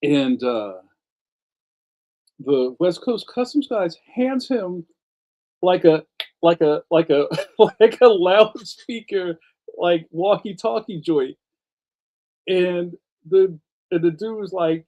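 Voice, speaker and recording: Male cartoonist and stream host: rambling, slangy, laughs a lot, mellow tone. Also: sits high, slow, long pauses. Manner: rambling storyteller who laughs often and slips into slang. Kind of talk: casual livestream chat reading comments.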